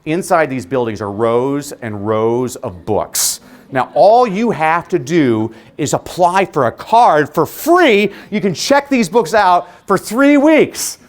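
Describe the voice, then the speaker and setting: A man giving a motivational keynote to an audience of teachers, with an animated, humorous, punchy delivery. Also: a little high. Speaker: keynote speaker. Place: conference venue before a live audience.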